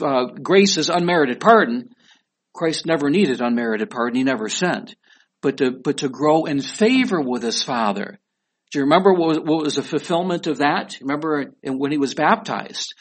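Guy giving a sermon, slightly high voice, talks casual and keeps asking the congregation stuff. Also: fairly bright tone. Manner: conversational, asks the audience questions. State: weak voice. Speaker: pastor.

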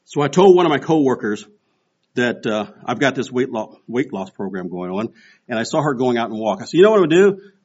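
Animated husky preacher in his sixties. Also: medium pitch, fairly quick. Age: 60s. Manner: storytelling with animated quoted voices. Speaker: pastor. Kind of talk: sermon. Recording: dull lo-fi recording.

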